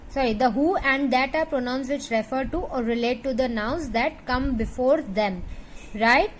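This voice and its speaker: A woman with an Indian English accent, teaching a grammar lesson patiently, often checking in with the class and drilling word lists slowly. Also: high-pitched, slight background noise, poor audio. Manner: patient, checks understanding with "right?".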